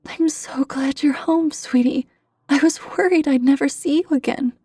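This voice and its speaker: A woman's voice: high-pitched, measured pace, no room sound, clean studio sound, pitched above the performer's own voice. Woman doing a soothing tearful mother. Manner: soft, soothing.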